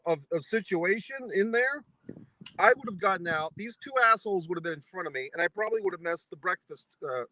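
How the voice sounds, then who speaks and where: Profane, bright-voiced man ranting. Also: on the high side, no echo, low-quality recording. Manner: foul-mouthed, exasperated, mock-philosophical. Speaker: vlogger. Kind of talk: profane ranting anecdote to camera.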